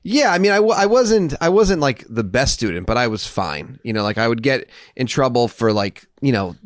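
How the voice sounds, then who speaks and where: Male comedian guest, mid pitch, giggly anecdote teller, dry mic. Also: big pitch swings, normal speed, dry recording. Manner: laughs through stories, swears, acts out quotes. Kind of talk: casual storytelling chat.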